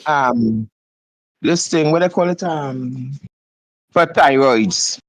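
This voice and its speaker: A man's voice: medium pitch, takes it slowly, no echo. A man leaving a voice note for a radio show, earnest and searching for words. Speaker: listener sending a voice note. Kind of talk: recorded voice note.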